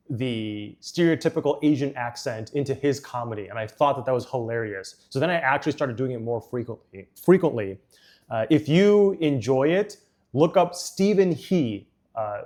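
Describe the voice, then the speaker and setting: A man chatting casually on a livestream as he builds a model set. He rambles with plenty of fillers and breaks into quick laughs. His voice sits at a middle pitch. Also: darkish tone. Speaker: streamer.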